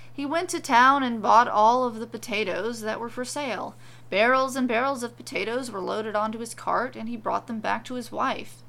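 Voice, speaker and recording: Gravelly-voiced woman telling a comic tale. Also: a little high, normal speed, fairly bright tone. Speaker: storyteller. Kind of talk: comedic storybook narration.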